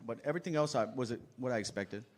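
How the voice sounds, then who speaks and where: A male fighter speaks at a post-fight press conference, calm and reflective as he breaks down the bout. His voice sits at a plain, middle pitch. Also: rapid-fire, slight background noise.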